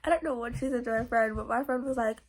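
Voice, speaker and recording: High-voiced giggly teen girl vlogger. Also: quick pace, a little hiss or hum. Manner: rambling, giggly, with many fillers and restarts. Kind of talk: casual storytelling to camera.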